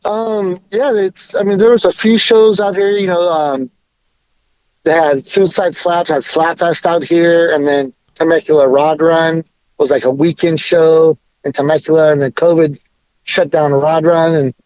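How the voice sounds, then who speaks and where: A man talking casually as a podcast guest, laid-back and a bit halting. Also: a little high, fairly even intonation, a little mellow, no room sound. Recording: dull lo-fi audio.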